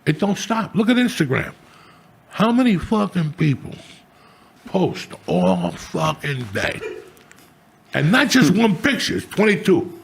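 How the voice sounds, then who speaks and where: Husky middle-aged man, podcast host, crude rambling stories, animated swings in pitch. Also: unhurried, long pauses. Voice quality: gravelly. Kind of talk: crude casual storytelling.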